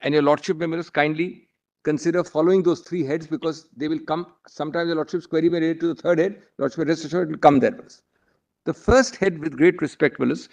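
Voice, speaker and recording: Male senior advocate, Indian English, formal courtroom address, slightly high voice. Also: fairly even intonation, a little fast, gravelly, a little mellow. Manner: formal, deferential, addresses the bench constantly. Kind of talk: courtroom argument.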